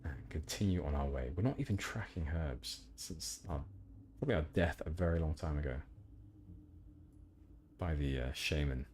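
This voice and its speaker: A man's voice: very deep voice, normal speed, a little mellow, slight background noise. A man streaming a game, chatting casually with rambling, self-deprecating asides. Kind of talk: casual gameplay commentary.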